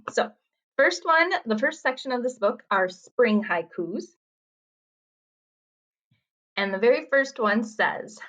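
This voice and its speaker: A woman teacher giving a video lesson, patiently explaining and reading short poems slowly and expressively. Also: medium pitch, highs cut off. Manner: patient, encouraging, reads poem lines slowly and expressively. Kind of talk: reading picture book aloud in a video lesson.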